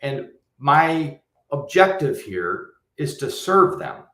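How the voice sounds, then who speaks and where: A man from the US Midwest, a guest on a livestream panel, talking in a measured, articulate way and explaining at length. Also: medium pitch, big pitch swings, bright, forceful tone, reverberant.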